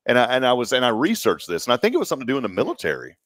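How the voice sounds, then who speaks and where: Animated, rambling male morning show host. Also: mid-range voice, racing, dry recording, clean studio sound. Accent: Texan. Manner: rambling, joking, animated storyteller. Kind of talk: casual chat.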